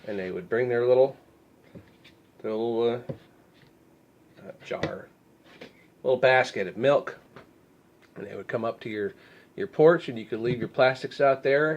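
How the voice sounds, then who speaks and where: A man recovering from a head cold, stuffed up and clearing his throat, giving sarcastic, rambling commentary on news stories. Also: mid-range voice, unhurried, pauses often. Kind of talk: casual deadpan news commentary.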